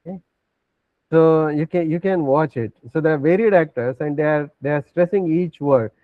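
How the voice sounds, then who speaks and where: Male lecturer, fairly high voice, explanatory, thin phone-like call audio. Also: normal speed, dry recording. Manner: explanatory, checks in with frequent "okay". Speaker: teacher. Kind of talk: online class lecture. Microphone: video call.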